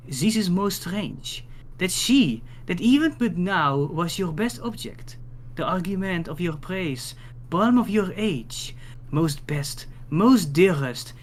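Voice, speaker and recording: Man doing a noble French king with a put-on French accent, slow, a touch high. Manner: declaiming verse.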